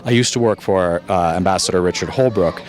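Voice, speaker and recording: A man from the United States, a journalist, answering audience questions after a film screening in a calm, measured, thoughtful way. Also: low-pitched. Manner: thoughtful, searching for words.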